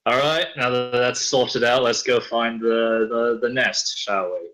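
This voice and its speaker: A man's voice: mid-range voice, fairly even intonation, a little slow, fairly bright tone, rough recording. A man playing a tabletop game, hesitant and trailing off as he decides. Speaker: player. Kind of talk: tabletop role-play.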